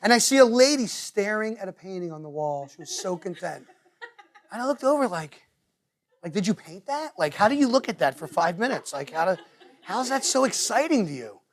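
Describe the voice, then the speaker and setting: A man with a New Jersey accent, speaking to parents in a meeting room and telling stories with quick impressions of other people. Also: sits high. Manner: animated storyteller, quick to mimic others. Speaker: guest speaker. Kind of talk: lively talk to parents. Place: meeting room with a live audience.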